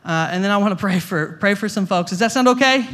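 Male guest pastor, young adult, high bright voice, chatty sermon storyteller, trips over repeated words. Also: lively intonation, fast talker. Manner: stammering restarts, repeats words; conversational, jokey asides.

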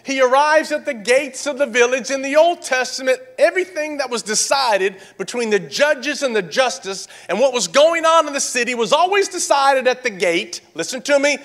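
High-voiced preacher man, shouting then hushed. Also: moderate pace, few pauses. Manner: animated, swings from shouting to hushed. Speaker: pastor. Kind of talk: sermon.

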